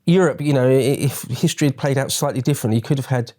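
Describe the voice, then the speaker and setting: A man's voice: mid-range voice, quick pace, mellow. A male host in a casual interview, chatting and asking long, rambling questions with frequent restarts.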